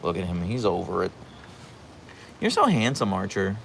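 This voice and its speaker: A man's voice: deep voice, sing-song, moderate pace, gravelly, fairly bright tone, slight background noise. A man hosting a casual livestream from home, reading out the chat and rambling playfully, slipping into voices when he retells stories.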